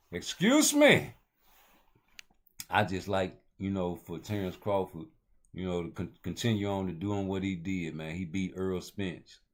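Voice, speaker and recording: A man's voice: low voice, darkish tone. A man hosting a casual boxing talk show, rambling in loose street slang. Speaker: host.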